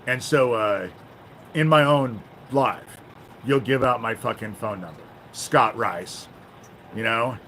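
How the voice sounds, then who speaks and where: A man's voice: medium pitch, pushed and bright, slight background noise, low-quality recording. Man ranting angrily on a livestream. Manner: profane, angry ranting; fills pauses with "you know?". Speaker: livestream host. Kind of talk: livestream monologue.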